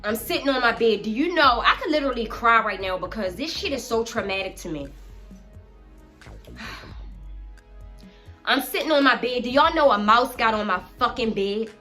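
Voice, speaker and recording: A middle-aged woman telling a storytime vlog in a casual, animated, profane way, talking straight to her viewers. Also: on the high side, moderate pace, long pauses, soft background music. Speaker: vlogger.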